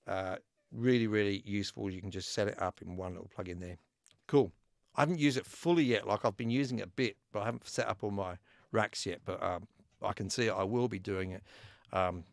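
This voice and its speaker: Gravelly Australian man hosting live. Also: on the low side, no room sound, clean studio sound. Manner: chatty, laughs often, reads out chat names. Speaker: YouTube host running a live giveaway. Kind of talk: casual live-stream chat.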